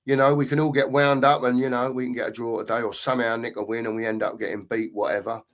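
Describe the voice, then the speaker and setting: Chatty football fan host. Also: male voice, mid-range voice, flat delivery, fast. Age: middle-aged. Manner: chatty, matey, greets viewers with "big up". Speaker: live stream host reading chat. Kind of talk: casual live chat.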